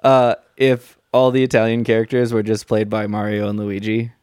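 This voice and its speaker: A man co-hosting a casual podcast chat who is enthusiastic and quick to chime in and laugh. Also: on the low side, completely flat delivery, a little mellow, clean tone, dry recording, clean studio sound. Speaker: podcast co-host.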